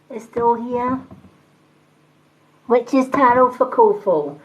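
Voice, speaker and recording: A woman doing live-stream tarot readings, talking calmly and reassuringly and greeting viewers by name. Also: mid-range voice, slow pace, narrow, tinny audio. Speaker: tarot reader and medium.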